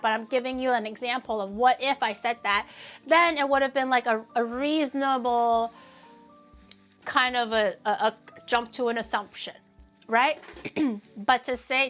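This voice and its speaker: A woman hosting a casual livestream, talking to chat in an animated, ranting way and swearing freely. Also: a little high. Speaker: livestream host.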